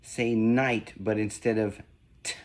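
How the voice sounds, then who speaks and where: A man slowly giving spoken sound-swap drills, one deliberate prompt at a time. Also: lowish voice, level tone. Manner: slow, deliberate, evenly paced prompts. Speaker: reading test examiner. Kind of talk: slow scripted phoneme drill.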